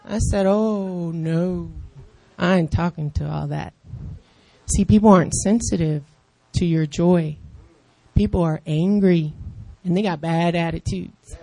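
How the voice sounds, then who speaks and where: A woman in her fifties preaching a lively sermon, acting out the voices of other people and calling out in excitement. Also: on the low side, measured pace, gravelly, pauses often, dry recording. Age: 50s. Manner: animated, acts out voices of others, shouts in excitement.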